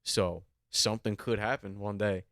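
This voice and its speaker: A man's voice: fairly low pitch, fairly even intonation, moderate pace, fairly bright tone, no room sound, studio quality. A man hosting a podcast alone, ranting comically with big jumps into incredulous, raised questions while holding a handheld mic. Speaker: podcast host. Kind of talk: solo comedic rant. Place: alone in a small room.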